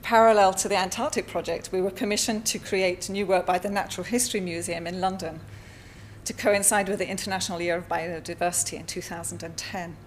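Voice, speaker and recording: A woman artist giving a conference talk at a symposium, speaking in a measured way with frequent fillers and pauses. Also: fairly low pitch, steady tone, slight background noise. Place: lecture hall.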